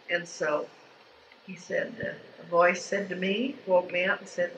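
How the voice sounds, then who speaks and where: On a dull lo-fi home tape with faint ambience and slight background noise, an older woman tells family stories. Her voice is on the low side and a bit bright, with flat delivery and a measured pace, and she wanders folksily, often beginning sentences again.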